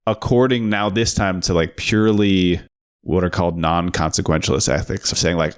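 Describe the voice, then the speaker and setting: A man's voice: deep voice, fairly even intonation, normal speed. A man co-hosting a podcast, talking through a film's moral questions in a thoughtful, step-by-step way. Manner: thoughtful, builds arguments step by step. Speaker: podcast co-host. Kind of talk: casual film discussion.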